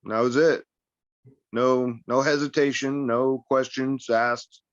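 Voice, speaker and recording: A man's voice: medium pitch, steady tone, slow, dry recording. Brief: male wrestler guest, rambling and profane, storytelling; dry, slightly muffled recording. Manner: rambling, profane, acts out quoted voices. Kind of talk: casual interview storytelling.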